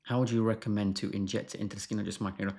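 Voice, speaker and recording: Blunt, gravelly man answering questions. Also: on the low side, level tone, racing, darkish tone. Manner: frank, blunt and dismissive of marketing. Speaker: doctor answering viewer questions. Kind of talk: live Q&A stream.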